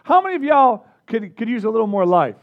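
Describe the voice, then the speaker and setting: High-voiced energetic man preaching. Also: fast, highs cut off. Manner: energetic, engages the audience with questions. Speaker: pastor. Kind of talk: sermon.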